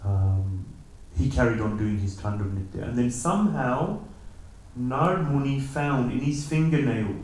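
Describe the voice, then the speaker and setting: A man's voice: mid-range voice, normal speed. Man telling a story in an echoey temple. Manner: animated storyteller, acts out voices of characters. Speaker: lecturer. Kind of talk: temple morning lecture, storytelling. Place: temple hall. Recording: very echoey hall, mic at a distance.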